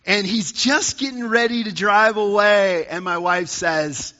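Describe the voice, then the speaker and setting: A male pastor delivers a conversational sermon, building up emphasis as he tells a story. His voice sits a little high and sounds bright and forceful. The recording is slightly muffled and carries a long reverb from a large church. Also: a little slow, few pauses.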